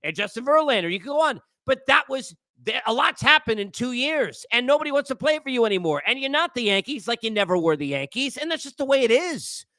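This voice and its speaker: A man's voice: very high-pitched, sing-song, a little fast, sharp tone, dry recording. A male sports talk host ranting alone about baseball, exasperated and lecturing, repeating himself for emphasis. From New York area. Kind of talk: solo sports rant.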